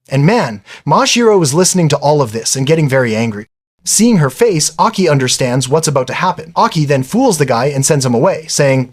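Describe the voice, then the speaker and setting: A man narrates an anime episode recap in a casual, chatty way, with a fairly high, husky voice that swings up and down a lot. He keeps dropping in little asides as he tells it. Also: very animated, brisk. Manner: chatty, exclaims "man" and "I mean".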